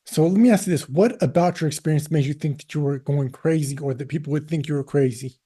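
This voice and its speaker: Fast-talking man, mellow interviewer. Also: on the high side, breathy edge. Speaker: interviewer, host. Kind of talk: casual interview.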